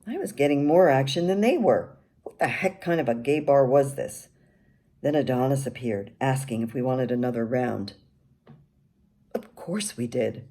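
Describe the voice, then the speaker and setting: A woman's voice: rumbling low, lively intonation, moderate pace, dark tone. An older woman reading her own memoir aloud in a wry, candid storytelling manner.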